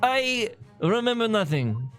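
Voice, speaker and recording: A co-host on a game stream, reading lines and commenting in a dry, unhurried way. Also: medium pitch, sing-song, fairly bright tone, faint music behind. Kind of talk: live let's-play commentary and reading dialogue.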